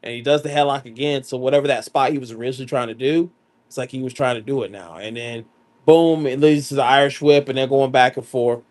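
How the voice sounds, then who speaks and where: A man co-hosting a casual wrestling podcast, recounting a match in a lively, storytelling way. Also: medium pitch. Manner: lively storytelling, quick agreeing interjections. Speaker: podcast co-host.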